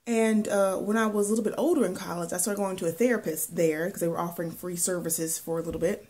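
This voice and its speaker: A woman's voice: fairly low pitch, fairly even intonation, fast talker, a little mellow, husky. A woman vlogger telling a personal story in a chatty, casual way, full of fillers and restarts.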